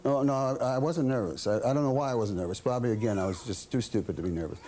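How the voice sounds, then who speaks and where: A man's voice: mid-range voice, racing, mellow, a little hiss or hum. A man in his sixties, a talk show guest from the American South, telling self-deprecating stories with a chuckle. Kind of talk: casual anecdotes. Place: TV studio with audience.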